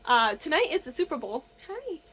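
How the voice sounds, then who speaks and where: A young woman from Michigan chatting casually in a reading vlog, gushing and excitable. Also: high voice, normal speed. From Michigan, USA. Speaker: book vlogger. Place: camper.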